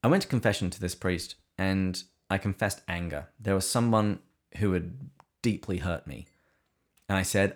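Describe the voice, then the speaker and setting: A man's voice: low voice, normal speed. A man co-hosting a podcast, talking earnestly and reflectively about faith, with a dry sense of humor. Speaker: podcast co-host. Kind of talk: conversational discussion of faith.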